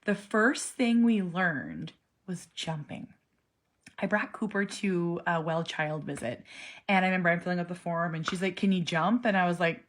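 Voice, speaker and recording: A woman in her forties, a parent talking casually to camera, earnest and animated, sometimes dropping to a soft near-whisper. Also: lowish voice. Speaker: parent vlogger. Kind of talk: casual personal vlog.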